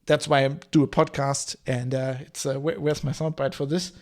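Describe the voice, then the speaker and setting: A man's voice: mid-range voice, flat delivery, moderate pace. A man, hosting a live-streamed solo podcast and explaining history in long, winding asides. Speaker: podcast host.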